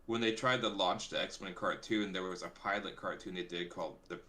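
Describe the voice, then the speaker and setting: Forceful-voiced man recounting comic history. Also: deep voice, a little fast. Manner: rambling, reminiscing storyteller. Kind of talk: casual chat.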